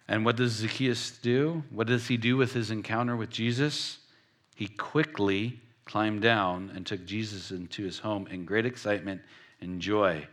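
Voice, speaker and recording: Bright-voiced man preaching a sermon. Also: fairly low pitch, normal speed. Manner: conversational, emphatic, rhetorical questions.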